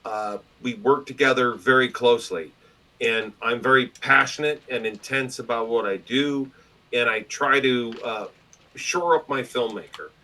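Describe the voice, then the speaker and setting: A man telling stories as a guest in a casual interview, loud, profane and animated, slipping into other people's voices. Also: mid-range voice, unhurried, low-quality recording. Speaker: podcast guest and publisher.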